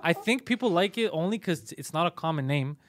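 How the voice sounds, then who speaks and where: A man's voice: fairly high pitch, lively intonation, fairly quick. A man hosting a podcast in casual chat, laid-back and self-mocking, swearing freely. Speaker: podcast host.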